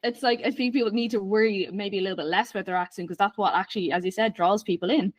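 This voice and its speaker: A woman's voice: mid-range voice, quick pace, no echo. An Irish woman chatting as a podcast guest, candid and chatty, full of fillers. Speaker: podcast guest, business mentor. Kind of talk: casual podcast conversation.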